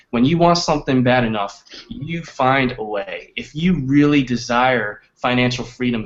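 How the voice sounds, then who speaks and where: A man hosting a webinar, giving an emphatic, repetitive sales pitch full of rhetorical questions. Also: a bit bright, highs cut off. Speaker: webinar host and sales coach. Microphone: webinar microphone.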